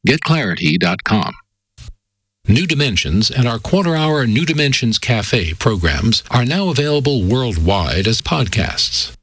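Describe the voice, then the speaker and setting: A man reading a sponsor announcement for a radio program in a measured, expressive way. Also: mid-range voice, breathy edge, no echo.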